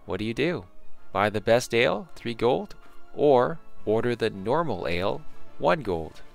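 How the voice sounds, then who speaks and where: A man narrating a second-person fantasy adventure in a measured way, with small slips and restarts. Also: mid-range voice, very animated, vocal fry, soft background music.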